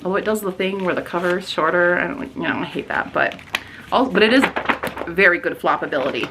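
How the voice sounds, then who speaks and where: A woman booktube vlogger chatting casually about her reading list, animated and excitable, sometimes squealing with surprise. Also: fairly low pitch, fast talker, background noise. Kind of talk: casual chat, reading book blurbs aloud.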